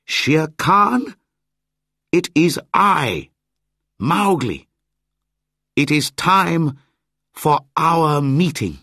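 A man voicing a bold young boy raised by wolves in a storybook reading, calling out in a high, excited voice. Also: slow, breathy edge, dry recording, clean studio sound, full character voice. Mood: shouting triumphantly.

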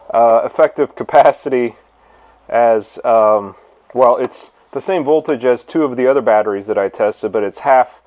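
Man, garage workshop host, casual demo, relaxed, middle pitch, dull lo-fi sound. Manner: relaxed, thinking aloud with fillers and restarts. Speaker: video host. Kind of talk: casual hands-on demonstration. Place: home garage.

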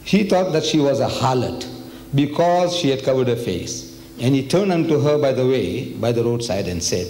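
A man's voice: mid-range voice, lively intonation, moderate pace, dark tone, a little hiss or hum. A man from Africa, giving a religious lecture in a hall and pressing the audience with rhetorical questions. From South Africa. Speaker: Islamic lecturer.

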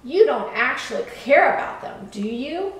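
A woman voicing a cocky, mischievous little male boat in a children's storybook, teasing and excitable. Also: high-pitched, normal speed. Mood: scornful. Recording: echoey room, far from mic.

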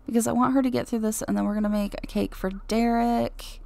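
A young adult woman hosting a life-sim Let's Play, chatting excitably and giggling as she plays. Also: fairly high pitch, fairly quick, gravelly, no room sound. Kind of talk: game commentary.

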